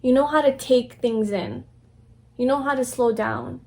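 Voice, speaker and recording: A woman's voice: fairly high pitch, a little slow. A young woman giving a casual pick-a-card tarot reading, rambling and affirming, with many fillers and restarts. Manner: soft, affirming, gentle delivery. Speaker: tarot reader.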